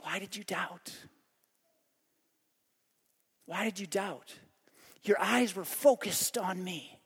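A preacher doing a hushed, gentle Jesus. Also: male voice, sits high, measured pace, breathy edge, in a large hall, exaggerated voice. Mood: gentle rebuke. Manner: soft, hushed, questioning. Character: Jesus, calm gentle rebuking teacher, man.

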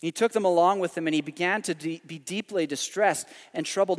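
A man preaching a sermon, animated and emphatic, swinging between loud climaxes and quiet, hushed drops. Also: fairly high pitch, a little fast, hardly any pauses, long reverb tail. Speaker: pastor.

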